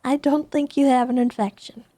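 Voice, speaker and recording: A woman playing gentle officer Tessa. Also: sits high, steady tone, moderate pace, dry recording. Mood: soothing. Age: 30s. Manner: gentle, reassuring, hesitant restarts. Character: calm woman police officer Tessa, caring. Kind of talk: improvised game role-play.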